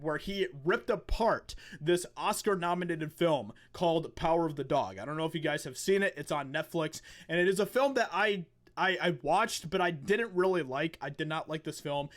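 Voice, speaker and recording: A man hosting an opinionated commentary video, talking emphatically with fillers and restarts while losing his voice. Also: fairly high pitch. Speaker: commentary channel host.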